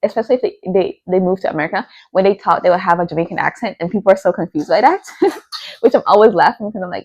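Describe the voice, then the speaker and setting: A woman's voice: medium pitch, expressive, fast talker, slightly rough, dry recording. A young woman talking casually about books she has read, chatty, with lots of fillers like "like" and "you know". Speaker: book vlogger.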